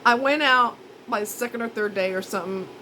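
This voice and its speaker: A woman with a somewhat high voice tells a story casually, rambling and chatty. She pokes fun at herself as she goes, and a faint ambient hum sits behind her. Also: brisk, bright, forceful tone, low-quality recording. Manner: rambling, chatty, self-mocking. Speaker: vlogger.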